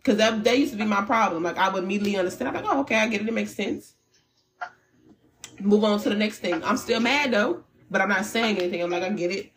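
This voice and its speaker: A woman gives a general tarot reading in loose, chatty talk. She speaks candidly and animatedly, with slang and the occasional curse word. Her pitch sits in an ordinary middle range for a woman. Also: fast talker. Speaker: tarot reader. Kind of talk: casual spiritual reading.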